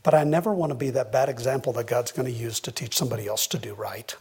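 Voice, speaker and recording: Husky-voiced male pastor preaching earnestly. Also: quick pace, a little mellow. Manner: earnest preaching, rising pitch for emphasis. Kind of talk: sermon.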